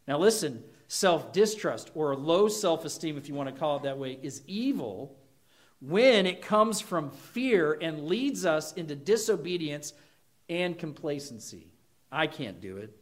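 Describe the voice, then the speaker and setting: Preacher guy with a fairly high voice, earnest, asks the crowd questions. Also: expressive, a little slow. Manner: earnest preaching with rhetorical questions and acted quotes. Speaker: pastor. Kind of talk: sermon.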